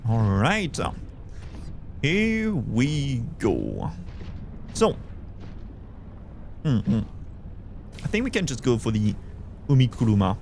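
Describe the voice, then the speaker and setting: Belgian-accented man, lively drawn-out game chatter. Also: medium pitch, slight background noise. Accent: Belgian French. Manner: chatty, thinks aloud, reads chat. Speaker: streamer. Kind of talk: casual gameplay commentary.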